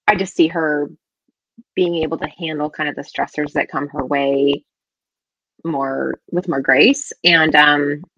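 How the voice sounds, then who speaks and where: A woman in her thirties talks casually as a podcast co-host, her voice sitting a little low. She is animated and quick to laugh, leaning on filler words as she goes. The sound is close and dry, with no room around it. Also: no room sound, dull audio. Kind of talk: casual conversational chat.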